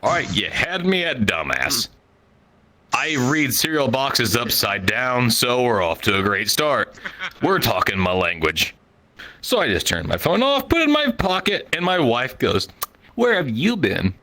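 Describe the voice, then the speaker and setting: A man's voice: medium pitch, very animated, measured pace, sharp tone. A man telling a crude, profane story as a stand-up comedian, from the Midwest United States.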